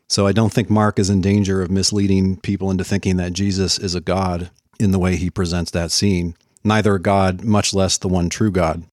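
A man's voice: deep voice, level tone, normal speed, darkish tone, dry recording, studio quality. A man giving confident, dismissive rebuttals in a formal debate.

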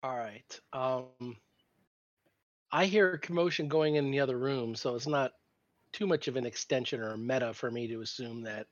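A man's voice: medium pitch, moderate pace. A man playing a tabletop game, arguing the rules with the game master in a laid-back way. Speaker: player. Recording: dull, dry voice-chat mic.

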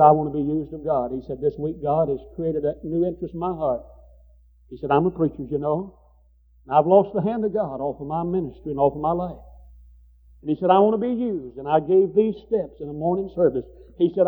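A man's voice: fairly high pitch, narrow, tinny audio. A man preaching a sermon with fervor, repeating phrases for emphasis.

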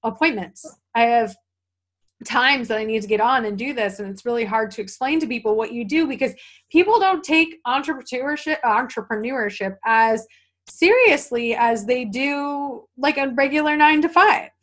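A woman hosting a podcast interview, talking in a chatty, animated way with quick asides. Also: sits high. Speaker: podcast host. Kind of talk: casual interview chat.

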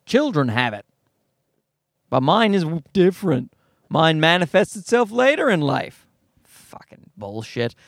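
A man's voice: fairly high pitch, a little slow, pauses often, no echo, studio quality. A man performing a profane stand-up comedy monologue, telling a story and acting out other people's lines. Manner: profane, animated storytelling with voiced asides.

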